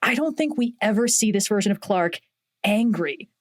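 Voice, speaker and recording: A woman talking casually and enthusiastically on a podcast, animated and swearing now and then. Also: mid-range voice, normal speed. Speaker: podcast guest.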